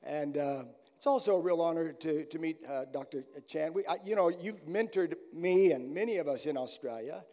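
A man's voice: on the high side, normal speed, few pauses, warm tone. An older American man preaching as a guest pastor, telling stories in a folksy way with many restarts. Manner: folksy storytelling with frequent restarts. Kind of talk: sermon. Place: large church hall. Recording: echoey hall.

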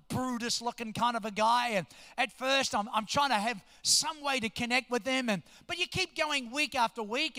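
A pastor in his fifties, telling a story from the pulpit and acting out every voice in it. His voice sits very high and rings bright and forceful. The sound carries a long reverb from a large church hall. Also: vocal fry. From New Jersey, US. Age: 50s. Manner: animated storyteller, acts out quotes. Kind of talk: storytelling sermon.

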